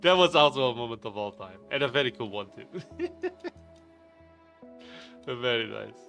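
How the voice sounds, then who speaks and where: Faint music plays behind a man live streaming a game, who chats casually, greets viewers by name, and laughs often as he rambles playfully. His mid-range voice is expressive and sharp, with vocal fry, long pauses, and a normal pace.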